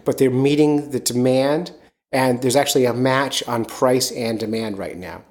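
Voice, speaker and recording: A man's voice: mid-range voice, steady tone, a little mellow. Fishing podcast guy from around philly, chatty, rambly, normal mid voice. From near Philadelphia. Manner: chatty, rambling, quick bursts. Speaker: podcast host and fishing guide. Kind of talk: casual podcast chat.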